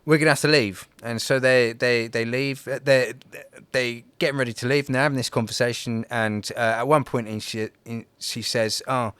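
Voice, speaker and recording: A man co-hosting a laid-back podcast spins a folk tale, rambling with plenty of fillers, restarts, and swearing. His mid-range voice is clean and a bit bright, with fairly even intonation, a moderate pace, hardly any pauses, and no echo.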